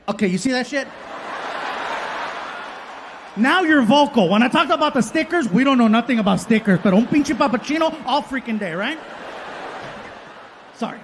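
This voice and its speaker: A man doing animated, self-mocking stand-up storytelling on a comedy stage. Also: extremely high pitch, a little fast, reverberant, a little hiss or hum. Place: comedy stage before a live audience.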